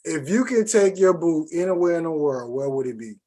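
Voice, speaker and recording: A man's voice: a little high, expressive, brisk, warm tone. A man hosting a podcast in casual chat, asking the guest questions in a laid-back, hesitant way. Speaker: podcast host.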